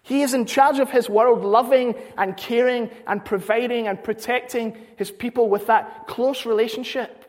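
High-voiced preacher in an echoing hall. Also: male voice, fairly even intonation, normal speed, hardly any pauses. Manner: earnest, repetitive emphatic phrasing. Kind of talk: sermon. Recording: long hall reverb.

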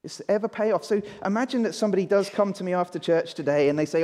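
A man's voice: high voice, quick pace, few pauses, a little mellow. A man giving a children's talk in a church service, drawing the congregation in and having them repeat words with him. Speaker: preacher. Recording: long church reverb.

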